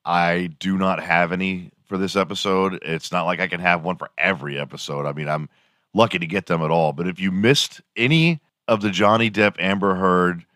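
A man's voice: deep voice, normal speed, bright, forceful tone, dry recording, clean studio sound. A man in his fifties hosting a casual solo podcast, rambling and swearing as he jokes and slips into silly impressions. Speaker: podcast host.

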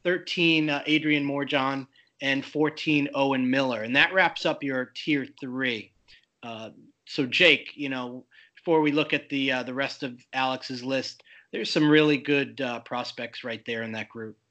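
A man's voice: medium pitch, fairly even intonation, unhurried, sharp tone, highs cut off. A man co-hosting a podcast, talking casually with many fillers and reading off ranked lists. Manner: hesitant with fillers, reads out lists. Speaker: podcast co-host.

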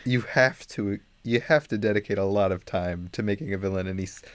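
A lower-pitched man talking through a film in casual chat, exasperated and rambling, often restarting his sentences. The sound is dry and close, with no room around it. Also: brisk, no echo. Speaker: podcast co-host.

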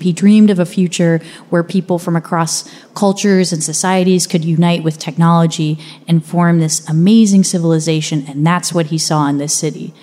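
A woman's voice: on the low side, dark tone. A young adult woman from the United States telling a personal story in a conversational, vivid way. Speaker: speaker. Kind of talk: first-person storytelling talk.

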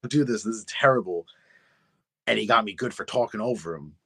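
Husky-voiced man telling animated stories. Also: fairly low pitch, brisk, no echo. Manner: self-deprecating storyteller, animated retellings. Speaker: podcast guest, wrestler. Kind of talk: casual interview chat.

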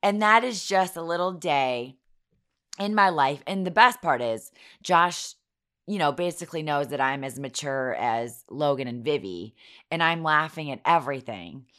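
A woman in her thirties hosting a podcast, hoarse, telling funny stories about her kids in a giggly, self-mocking way. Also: sits low, lively intonation, moderate pace, a bit bright. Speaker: podcast host. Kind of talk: casual chatty storytelling.

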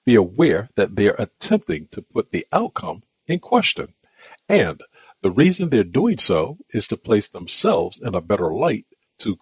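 A man with a deep, very husky voice reads a negotiation lesson in a measured, advisory tone. His pitch moves a lot, rising and falling through each section heading. The recording is dry and a little dull, with no room sound. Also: dry recording. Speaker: negotiation instructor. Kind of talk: scripted instructional narration.

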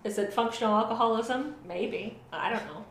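A woman's voice: on the high side, normal speed. A woman co-hosting a podcast, telling a true story in casual chat, swearing and laughing at herself. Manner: swears casually, laughs often, self-deprecating. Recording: roomy with faint noise.

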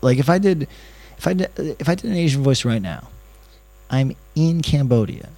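A man's voice: medium pitch, animated, moderate pace, mellow, no room sound. Podcast guy telling a story, swears a lot, rambly and self-mocking, dry close mic. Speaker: podcast host. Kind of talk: profane comedic storytelling.

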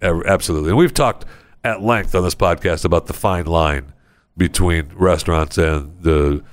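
A man hosting a podcast in a studio, rambling sarcastically in a casual comedic monologue. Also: moderate pace. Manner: rambling, sarcastic, acts out people in high voices. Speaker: podcast host. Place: recording studio.

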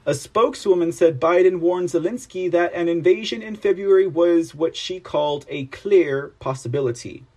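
A man's voice: high voice, moderate pace, few pauses, warm tone. A man hosting a news show, reading reports aloud and breaking in with emphatic, sarcastic asides. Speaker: host.

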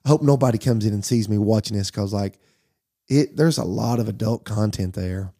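Gravelly mellow-voiced pastor chatting. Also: male voice, lowish voice, moderate pace. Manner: easygoing, candid, storytelling. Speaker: pastor and podcast host. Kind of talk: casual chat.

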